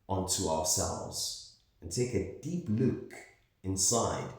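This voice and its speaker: A South African-born man vlogging in an earnest, rambling monologue with pauses. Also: medium pitch, a little mellow. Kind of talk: casual monologue to camera. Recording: very echoey, far from the mic.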